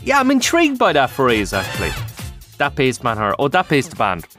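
Jokey Irish radio host. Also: male voice, mid-range voice, huge pitch swings, quick pace, music in the background. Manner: chatty, jokey, laughs often. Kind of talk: radio show presenting.

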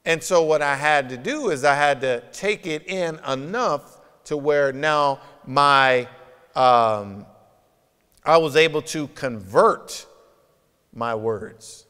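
A man's voice: fairly high pitch, slow pace, a bit bright, clear, resonant tone. A man preaching a sermon as pastor, emphatic and conversational, with many rhetorical questions, recorded in a church sanctuary. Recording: long reverb of a church hall.

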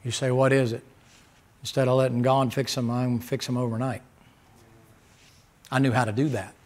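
A man's voice: mid-range voice, little pitch movement, moderate pace, a little mellow. A man preaching a sermon as pastor, folksy and emphatic, firing rhetorical questions at the congregation.

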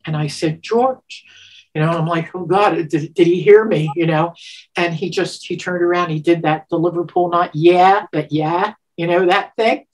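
An older woman in her seventies recounts a cherished memory with a slightly low voice. She is lively and laughs often, and her voice leaps up when she acts out what was said. She gets emotional and stumbles over her words as she goes. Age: 70s. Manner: animated, laughs often, acts out quotes with sudden pitch jumps; emotional, halting restarts. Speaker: interviewee. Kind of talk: storytelling, recounting a personal memory.

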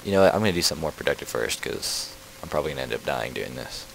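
A man's voice: very deep voice, expressive, racing, vocal fry, background noise. A man casually commenting on his own gameplay, rambling and easily distracted, with playful trash talk aimed at animals in the game. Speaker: let's play host.

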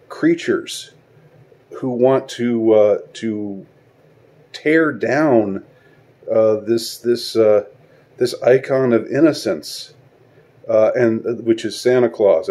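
A man delivering a spoken video monologue, halting and searching for words, with sarcastic rhetorical questions. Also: mid-range voice, mellow. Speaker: online commentator.

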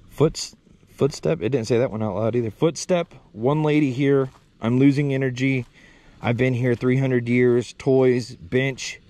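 A man hosting a paranormal vlog, talking in a hushed, halting, emotional way at a cemetery. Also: medium pitch, no room sound. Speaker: paranormal vlogger host. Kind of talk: casual ghost-hunting vlog commentary. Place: outdoors and in a car at a cemetery.

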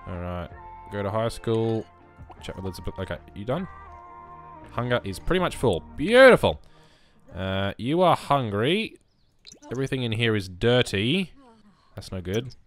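A man's voice: fairly low pitch, animated, normal speed, faint music behind. A young man giving chatty gameplay commentary as a let's play host, muttering reactions as he goes.

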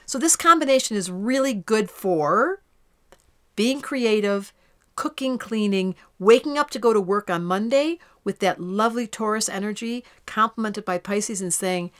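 Woman astrologer chatting about the week, playful, stretches out the gentle words, mid pitch. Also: normal speed. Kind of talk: casual horoscope talk to camera.

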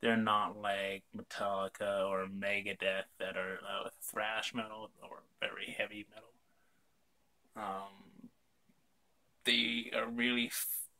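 A man's voice: on the low side, creaky, bright, forceful tone. A young man chatting casually on his vlog, rambling with lots of fillers and casual swearing. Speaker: vlog host. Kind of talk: casual chat.

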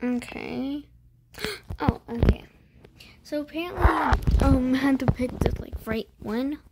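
A woman giving casual, chatty commentary while playing a game, full of fillers and quiet whispered asides. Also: high voice, measured pace, very noisy. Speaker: gaming video creator. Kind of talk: casual let's-play commentary.

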